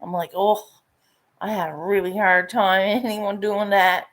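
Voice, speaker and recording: A woman in middle age talks casually as she paints, at a slow, unhurried pace. She swears freely and breaks into laughter often. Her voice sits at an ordinary pitch for a woman. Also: fairly even intonation. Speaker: painting vlogger. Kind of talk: casual chat while painting.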